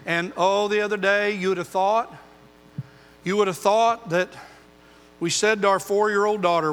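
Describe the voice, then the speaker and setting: An older man preaching a sermon as pastor, earnest, moving between loud emphasis and quiet intensity. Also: high voice, steady tone, normal speed, long reverb tail.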